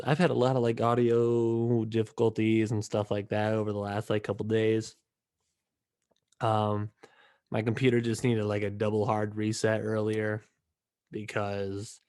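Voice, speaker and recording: Slow, low-voiced tired man ranting. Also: darkish tone. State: tired, yawning. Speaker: podcast host. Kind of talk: casual solo podcast rant.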